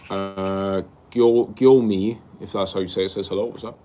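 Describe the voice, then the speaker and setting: A man's voice: sits low, moderate pace, faint music behind. Laid-back man chatting live. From Wales. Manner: reads out viewer comments, relaxed, calls people bro. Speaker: livestream host. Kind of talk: casual live chat answering viewers.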